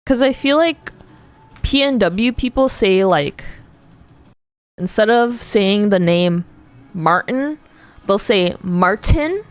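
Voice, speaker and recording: A woman's voice: medium pitch, takes it slowly, long pauses, clean tone, faint music behind. An American woman streaming, chatting casually with viewers, curious and playful, often laughing. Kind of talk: casual chat with viewers while drawing.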